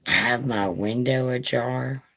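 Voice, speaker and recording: A woman live streaming in casual chat, with a raspy voice like a chain smoker's, talking in a nervous, rambling, profane way. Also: very deep voice, unhurried, a bit bright.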